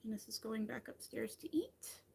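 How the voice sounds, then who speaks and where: Her voice sits a little high, creaky and husky with a dark tone, moving at normal speed with lively intonation. She's in her thirties, crocheting on a live stream and chatting cheerfully with viewers between stitches.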